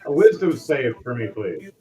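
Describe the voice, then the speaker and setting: A man's voice: mid-range voice, very animated, normal speed, warm tone, distant mic, poor audio. A man running a tabletop game as game master, narrating the action casually with the odd um. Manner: casual, hesitant with ums.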